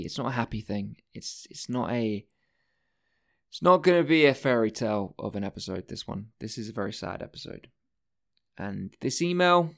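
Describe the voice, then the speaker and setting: A male podcast host talking on his own in a loose, rambling way. He swears freely and cuts himself off mid-thought, with his voice sitting at a middling pitch. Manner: rambling, profane, self-interrupting. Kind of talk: casual solo podcast monologue.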